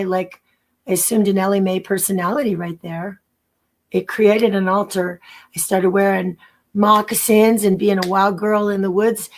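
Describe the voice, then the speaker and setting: A woman guest giving a rambling personal testimony in an interview, halting and restarting as she acts out remembered conversations. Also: mid-range voice. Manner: rambling, halting, with many restarts and acted-out quotes.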